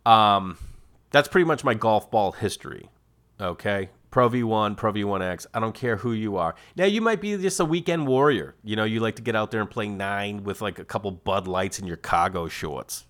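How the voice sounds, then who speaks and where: On the low side and at a normal pace, a middle-aged Massachusetts man delivers a casual, comedic podcast monologue. As host, he spins animated stories and slips into exaggerated voices when quoting others.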